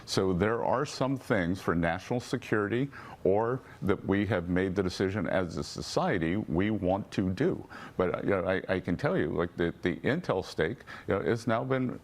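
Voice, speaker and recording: A man with a very deep voice gives an interview answer. He talks haltingly, restarting words and filling pauses with "uh" and "you know.". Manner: halting, many restarts and fillers.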